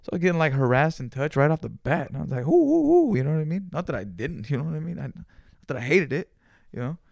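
A man hosting a solo podcast, telling a story in an animated, profane, slangy way with Spanish words mixed in. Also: a little high, quick pace, vocal fry, no room sound, clean studio sound. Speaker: podcast host. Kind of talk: casual storytelling monologue.

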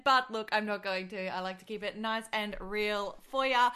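A woman's voice: medium pitch, quick pace, few pauses, sharp tone, smooth. A young Australian woman hosting a podcast, chatting in a bubbly, gushing way with frequent giggles. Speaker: podcast host. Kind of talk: casual podcast chat.

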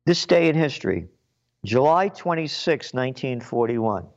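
A man's voice: medium pitch, animated, normal speed, vocal fry. A man from the Bronx, giving a sarcastic, indignant solo commentary and reading aloud with emphatic asides. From the Bronx, New York. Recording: muffled lo-fi recording.

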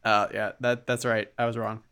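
Man, gravelly voice, laid-back podcast co-host, chuckles a lot. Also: on the low side, flat delivery, moderate pace, sharp tone. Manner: laid-back, laughs often, many fillers. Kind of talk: casual chat.

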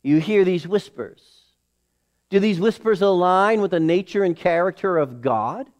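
Slow, emphatic preaching man. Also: animated, darkish tone. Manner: preaching with emphatic rises, drops to low acted inner voices. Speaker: pastor. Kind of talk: sermon.

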